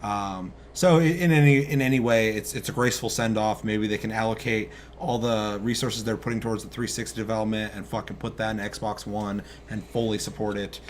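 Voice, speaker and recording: A young man co-hosting a casual gaming news chat, loose and excitable, swearing casually. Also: lowish voice, fairly quick, slight background noise. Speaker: co-host.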